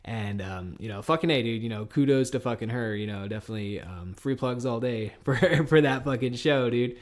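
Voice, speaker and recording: A podcast host in his early thirties, rambling casually and swearing a lot in a loose, animated monologue. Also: mid-range voice, a little fast. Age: 30s. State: tired and a little high.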